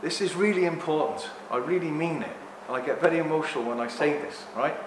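A man giving a rambling, joking live talk to an audience, speaking loudly without a microphone. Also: a little high, fast talker. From Greek heritage. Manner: jokey, rambling, loud. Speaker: guest speaker. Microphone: no microphone, room recording. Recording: echoey room with background noise.

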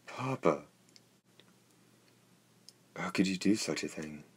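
A man's voice: low voice, lively intonation, takes it slowly, slightly rough, exaggerated voice. A man reading the lines of a frightened, defiant young village woman in an audiobook, protesting and pleading. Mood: distraught.

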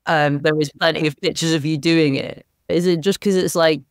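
A man hosting a podcast, asking relaxed questions and reflecting on his own experience. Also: a little high, moderate pace, clean tone, no room sound, clean studio sound. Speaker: podcast host. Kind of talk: casual podcast interviewing.

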